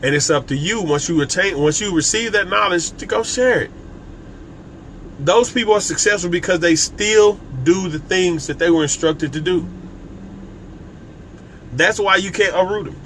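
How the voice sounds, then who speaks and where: A man's voice: high-pitched, moderate pace, long pauses, fairly bright tone, slight background noise. A man coaching on business during a live stream, emphatic and repetitive, talking casually and straight to his viewers. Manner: casual and conversational, with frequent restarts. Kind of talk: live-streamed motivational talk.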